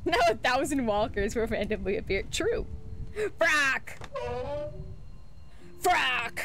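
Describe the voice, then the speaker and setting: A woman's voice: on the high side, animated, brisk, slight background noise. A young woman streaming a video game, goofy and profane, often laughing at it. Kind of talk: casual game commentary.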